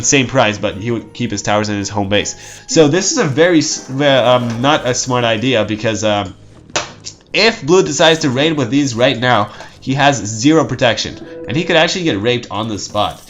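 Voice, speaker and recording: A man's voice: medium pitch, fairly bright tone, muffled recording. A man giving casual, rambling game commentary, joking and breaking off with nervous laughs. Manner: rambling, jokey, self-interrupting with nervous laughs.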